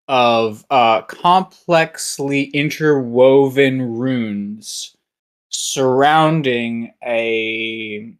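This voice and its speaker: A game master narrating a tabletop game, slow and hesitant with many fillers. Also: mid-range voice.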